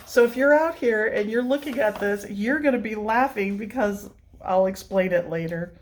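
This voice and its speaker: A woman hosting a coloring channel, chatting casually and gushing over books with soft exclamations and giggles. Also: mid-range voice, moderate pace. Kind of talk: casual vlog, flipping through coloring books.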